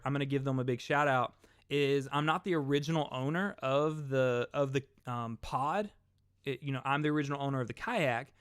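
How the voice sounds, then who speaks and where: Young male host, casual chatter to viewers, clean resonant tone, mid pitch. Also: clean tone, no echo, clean studio sound. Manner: chatty, rambling, talks to chat viewers. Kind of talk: casual livestream chat.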